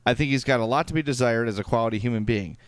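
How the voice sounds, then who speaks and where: Reading listener emails aloud on a casual podcast, this male co-host speaks very fast in a thick Chicago accent, hedging with plenty of uhs and ums. His smooth, resonant voice sits at a middle pitch, captured in a close, dry recording with no echo.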